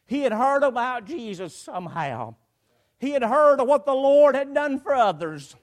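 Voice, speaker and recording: A man's voice: extremely high pitch, sing-song, moderate pace. A man preaching a sermon to a congregation, emphatic, with repeated phrases and swelling cries. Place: church before a congregation.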